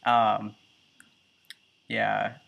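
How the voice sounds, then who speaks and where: A man's voice: lowish voice, monotone, extremely slow, creaky, fairly bright tone, lo-fi sound. A man in his early twenties talking casually in a video diary, chatty and full of ums and likes. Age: 20s. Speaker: vlogger.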